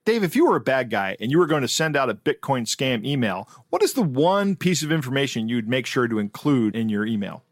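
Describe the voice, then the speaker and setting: A man's voice: medium pitch, big pitch swings, a little fast, hardly any pauses, no echo, clean studio sound. Man co-hosting, telling a story casually. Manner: storytelling, acts out quoted voices, laughs easily. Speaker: podcast co-host. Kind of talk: casual chat.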